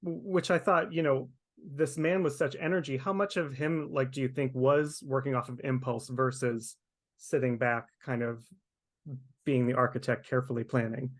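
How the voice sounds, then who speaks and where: A man's voice: mid-range voice, fairly even intonation, moderate pace. A man hosting a webchat interview over a video call, asking curious, conversational questions. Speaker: interview host.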